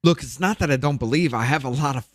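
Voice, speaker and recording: A man in casual chat who reads scripture aloud slowly and deliberately, then talks bluntly with swearing. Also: mid-range voice, no room sound.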